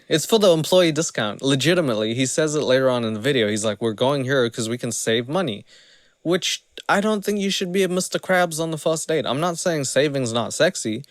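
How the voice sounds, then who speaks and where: A man streaming a reaction video, commenting in a mocking, animated, casual way. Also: mid-range voice, dry recording, studio quality.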